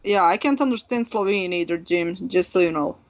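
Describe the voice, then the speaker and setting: A young Croatian woman speaking English as a second language co-hosts a podcast in casual chat, rambling with lots of fillers and laughs. Her voice is lowish and a little fast, and the sound is dull and lo-fi.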